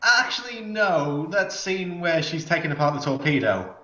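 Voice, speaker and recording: A man with a somewhat high voice hosts a casual chat, rambling and hesitant, circling back to restart his thoughts. His voice sits in a roomy space. The recording is dull and lo-fi. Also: animated, normal speed, bright, forceful tone. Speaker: podcast host. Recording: echoey, dull lo-fi sound.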